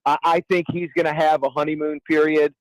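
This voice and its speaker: A man's voice: a little high, level tone, brisk, dry recording, rough recording. A man co-hosting sports radio in casual talk, often stumbling over restarts and cracking fan jokes. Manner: stammering restarts, joking fan banter.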